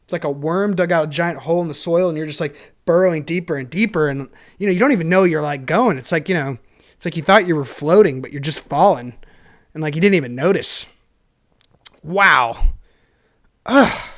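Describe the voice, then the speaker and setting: A man's voice: on the high side, brisk. A man hosting a casual solo podcast, rambling in a self-deprecating stream of consciousness with lots of fillers, a little tipsy from wine.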